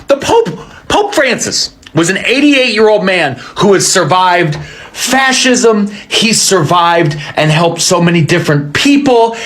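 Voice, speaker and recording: High-voiced guy doing a comedy rant, super animated, bright punchy tone. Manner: animated, exaggerated storytelling.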